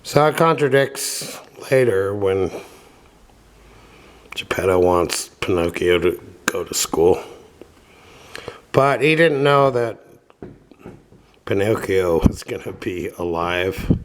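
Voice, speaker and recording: A man casually reading a children's book aloud and adding offhand, wry comments, with filler pauses. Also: low voice, lively intonation. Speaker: reader and commentator.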